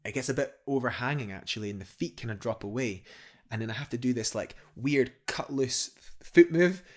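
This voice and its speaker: A man's voice: mid-range voice, a little fast. A man, a guest telling a climbing story in a casual podcast chat, enthusiastic and rambling with many restarts.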